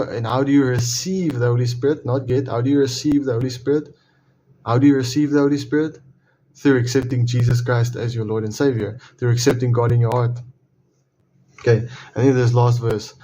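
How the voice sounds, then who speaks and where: Earnest man with a mellow voice. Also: mid-range voice, slight background noise, poor audio. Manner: earnest, repeats and restarts phrases, slows to read verses aloud. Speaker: Bible reading video host. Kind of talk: casual devotional Bible talk.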